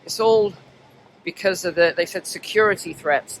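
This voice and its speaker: A man with a bright, forceful, fairly high voice chats to his viewers while walking outdoors through snowy streets. His talk is loose and conversational, and a faint hiss sits under it. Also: normal speed. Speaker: vlogger. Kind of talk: walking travel vlog commentary. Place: outdoors on city streets in snow.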